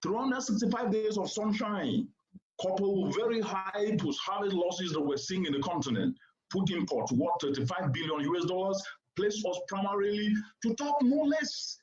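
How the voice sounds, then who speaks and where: High-voiced man giving an oratorical keynote. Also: expressive, moderate pace. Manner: oratorical, emphatic, repeats points for stress. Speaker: keynote speaker. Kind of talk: formal keynote address. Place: conference venue before a seated audience. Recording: roomy, slightly dull sound.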